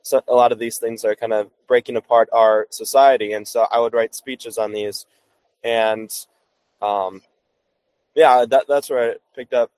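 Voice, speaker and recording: Flat-voiced young man, hesitant. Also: mid-range voice, measured pace, no echo, poor audio. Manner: hesitant, filler-heavy, modest. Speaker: guest.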